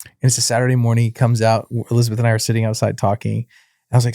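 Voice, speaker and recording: A middle-aged man co-hosting a casual faith podcast, telling a family story with lively acted-out dialogue and frequent laughs. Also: medium pitch, rapid-fire, no echo, clean studio sound. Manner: animated storyteller, acts out dialogue, laughs often. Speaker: podcast co-host.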